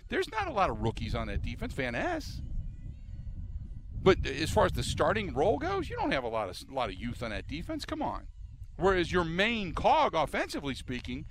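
A man's voice: fairly high pitch, huge pitch swings, a little fast, noisy background. A man hosting a sports talk radio show, talking emphatically and with exasperation, often repeating himself.

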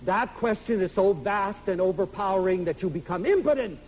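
A man giving an inspirational public lecture, emphatic and animated, acting out little dialogues as he speaks. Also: sits high, moderate pace, rough recording. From United States.

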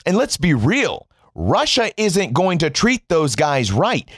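An American political commentator delivers a sarcastic, profane monologue straight to viewers he calls "folks," mocking and jabbing with huge pitch swings. He speaks slowly with hardly any pauses in a slightly rough voice, recorded dry and close with no room sound.

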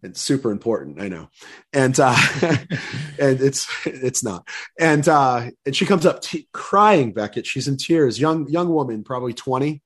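A man's voice: medium pitch, lively intonation, measured pace, fairly bright tone, husky. An older man, a guest on a talk show, telling stories earnestly and often restarting his words. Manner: earnest storyteller, repeats words when starting sentences. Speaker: guest speaker. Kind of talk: casual interview chat.

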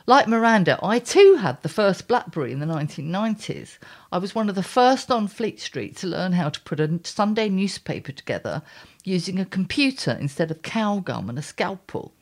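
A woman's voice: mid-range voice, big pitch swings, fairly quick. A middle-aged woman columnist reading her diary aloud and chatting, wry and blunt, with exasperated asides. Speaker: columnist and podcast host.

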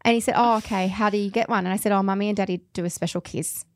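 A woman's voice: mid-range voice, fairly even intonation, very fast, dry recording, clean studio sound. A woman, telling a family story in casual podcast chat. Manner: chatty storyteller. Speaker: podcast co-host.

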